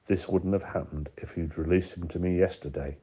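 A man voicing a short, fierce, protective woman lawyer in an audiobook, speaking sharply and forcefully. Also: deep voice, fairly even intonation, fairly quick, breathy edge. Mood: indignant. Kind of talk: audiobook character voice. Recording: dull lo-fi recording.

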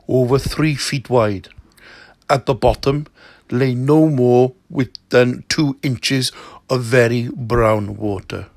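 A man reading a novel aloud in a slow, steady way, with an occasional slip. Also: medium pitch, dry recording. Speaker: narrator.

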